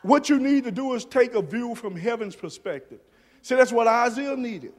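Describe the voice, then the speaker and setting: A pastor preaching a sermon, dropping to soft low murmurs and rising to shouted emphasis. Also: male voice, lively intonation, normal speed, big-room sound. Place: church sanctuary.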